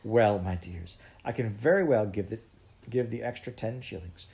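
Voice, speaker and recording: A man reading aloud and voicing a sour, bad-tempered grown woman in a storybook, with a high, scolding put-on voice. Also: moderate pace, creaky, a little mellow. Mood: gushing kind. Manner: shrill, scolding, then gushing. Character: bad-tempered middle-aged woman turned kindly.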